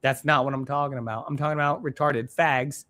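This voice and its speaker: A man's voice: medium pitch, steady tone, brisk, a bit bright. A man hosting a live stream, ranting bluntly and profanely while reading viewer comments in a rambling way.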